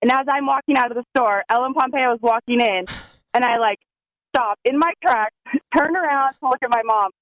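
A young woman telling a story in casual chat, excitable and full of "like"s. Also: on the high side, brisk, no room sound, lo-fi sound. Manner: excitable, many "like"s.

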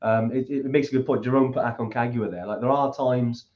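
A man hosts a relaxed talk on trekking trips, his advice loose and friendly and full of fillers. His pitch is mid-range. The recording sounds dull and lo-fi. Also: fairly quick. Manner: loose and friendly, many fillers like um and you know. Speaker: host of a trekking trip talk. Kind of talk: casual chat and travel advice.

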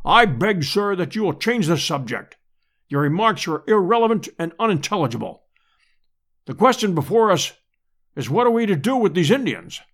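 A man voicing a pompous elderly professor who speaks formally and loudly. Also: high-pitched, very animated, normal speed, exaggerated voice.

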